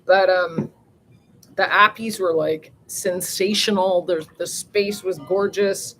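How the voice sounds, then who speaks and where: A woman's voice: on the low side, fairly even intonation, slow pace, a bit bright, a little hiss or hum, low-quality recording. Rambling, chatty woman live-streaming outdoors. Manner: chatty and rambling, mild swearing, frequent laughs. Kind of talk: rambling casual live chat. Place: outdoors near the ocean.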